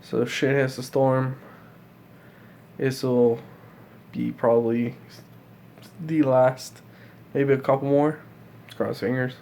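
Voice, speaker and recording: Gravelly rambling young man vlogging. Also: medium pitch, little pitch movement, slow pace, pauses often, darkish tone, a little hiss or hum. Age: 20s. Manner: rambling, profane, full of fillers. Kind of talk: casual vlog monologue.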